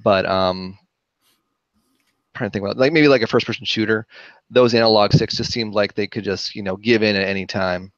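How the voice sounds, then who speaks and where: A man co-hosting a podcast, talking casually with many pauses and fillers. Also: on the low side, fairly even intonation, dry recording. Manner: hesitant, many fillers, trails off. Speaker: podcast co-host. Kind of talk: casual chat. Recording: dull, muffled podcast audio.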